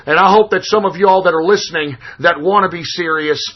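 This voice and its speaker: A man's voice: high voice, brisk, breathy edge, muffled recording. A man hosting an internet political radio show, talking in a profane, emphatic, intense way. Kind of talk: political call-in show monologue.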